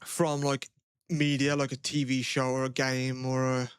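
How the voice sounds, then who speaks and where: A man's voice: mid-range voice, flat delivery, moderate pace, clear, resonant tone, dry recording, clean studio sound. A young man, co-hosting a podcast in rambling, casual chat and laughing often. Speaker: podcast co-host.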